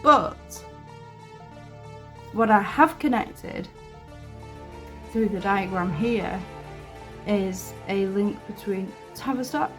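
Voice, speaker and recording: A woman talks slowly to camera as an online host, wandering off into asides, with fillers and the odd swear word. Her pitch sits in the middle, and faint music plays underneath. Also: fairly bright tone. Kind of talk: casual commentary to camera.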